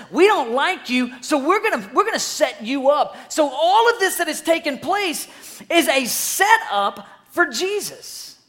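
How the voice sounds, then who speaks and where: A preacher telling a story in an energetic sermon, swinging between loud bursts and hushed asides and asking the listeners questions. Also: extremely high pitch.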